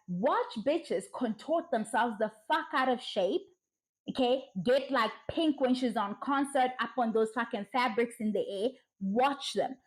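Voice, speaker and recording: A woman giving blunt, profane commentary, ranting emphatically and mocking others in put-on soft voices. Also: fairly high pitch, poor audio. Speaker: social commentary vlogger.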